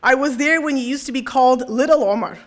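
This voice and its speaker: A woman's voice: high-pitched, fast talker, lightly acted. A frank old woman speaks fondly and with a teasing familiarity, as a woman lecturer quotes her in her own voice. The tone is a little raised and fuller.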